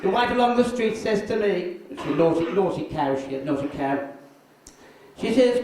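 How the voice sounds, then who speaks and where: An older man, a drag performer telling crude, deadpan anecdotes on stage. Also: sits high, a little fast. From North East England. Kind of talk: bawdy stand-up storytelling. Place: live show venue. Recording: echoey room, from far off.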